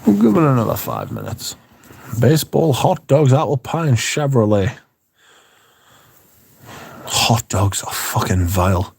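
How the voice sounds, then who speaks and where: A man's voice: medium pitch, wildly swooping pitch, a little slow, creaky, long pauses, a little mellow, breathy edge, no room sound. A man, hosting a livestream in casual chat, reading viewer comments in a rambling, profane, wry way. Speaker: livestream host.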